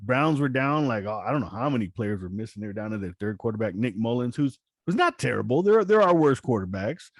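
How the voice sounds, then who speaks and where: A man's voice: medium pitch, quick pace, hardly any pauses, no echo, clean studio sound. A man hosting a podcast in casual chat, telling stories with energy and stumbling over restarts. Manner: animated storytelling, stammers on restarts. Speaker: podcast host.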